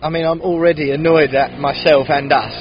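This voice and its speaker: A man's voice: on the high side, fairly quick, highs cut off, soft background music. A man with an English accent co-hosting a casual podcast, chatting outdoors at a city-centre bar. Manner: chatty, self-deprecating, builds in excitement. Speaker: podcast co-host. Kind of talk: casual chat.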